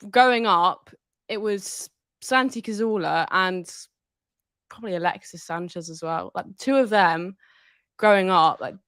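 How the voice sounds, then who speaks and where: A young woman in casual conversation, relaxed and chatty, with lots of filler words. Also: fairly low pitch, unhurried, smooth, dry recording, clean studio sound. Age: young adult. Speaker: co-host or guest. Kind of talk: casual chat.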